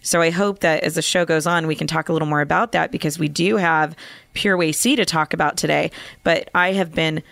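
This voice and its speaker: A woman's voice: low-pitched, fairly even intonation, fairly quick, gravelly, a bit bright, no echo, clean studio sound. A woman co-hosting a health talk show, chatting casually and laughing easily as she talks. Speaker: co-host.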